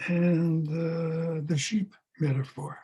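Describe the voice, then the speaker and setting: An older man teaches a scripture class as a rabbi, speaking slowly and with weight. His voice sits high for a man yet sounds mellow and a little husky. He leans on repeated words to drive each point home. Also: level tone. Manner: dramatic, repeats words for emphasis. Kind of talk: slow, emphatic scripture lesson.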